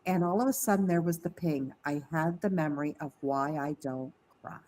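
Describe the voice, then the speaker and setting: A woman's voice: deep voice, moderate pace, rough recording. Candid woman telling a personal story. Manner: candid, animated, mimics voices in quotes. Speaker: podcast guest. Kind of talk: casual storytelling.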